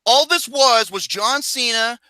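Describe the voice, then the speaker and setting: High-pitched man, bright tense voice, dry close mic, ranting and swearing. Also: unhurried, dry recording. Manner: profane, ranting, animated. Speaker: podcast host. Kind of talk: casual ranking chat.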